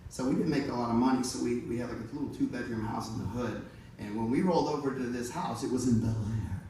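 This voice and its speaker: A man telling a comic story on stage in a live venue, animated and profane, with frequent asides to the audience. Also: mid-range voice, quick pace. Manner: animated, profane, playful, talks straight to the audience. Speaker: musician telling stories on stage. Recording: echoey venue, distant mic, audience noise.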